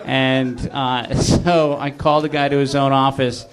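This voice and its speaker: A man telling a comic story as a podcast guest, giggling and breaking into high laughter mid-story. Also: level tone, unhurried. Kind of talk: casual comedic storytelling.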